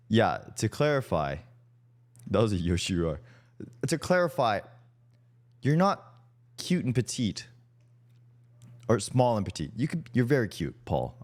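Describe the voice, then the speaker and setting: A man's voice: lowish voice, a little mellow. A young man hosting a streamer podcast, teasing his guest in casual chat, swearing freely and laughing often.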